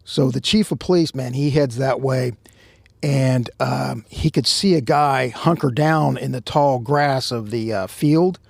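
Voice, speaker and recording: A man co-hosting a podcast, casually telling a story outdoors at a truck stop and shouting out the quoted lines. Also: mid-range voice, a little slow, creaky, slightly rough, dry recording.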